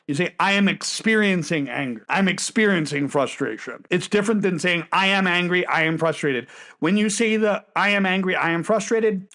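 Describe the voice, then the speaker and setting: A man's voice: on the high side, fairly bright tone. A man giving a motivational self-help talk, emphatic and repeating key phrases for effect.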